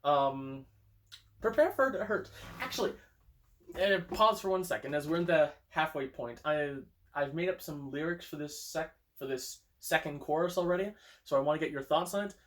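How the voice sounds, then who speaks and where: A man's voice: a little high, normal speed, fairly bright tone. A young man chatting casually while playing guitar in a room at home, thinking aloud with hesitant restarts, recorded on a phone. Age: young adult. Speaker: amateur songwriter streaming a guitar session.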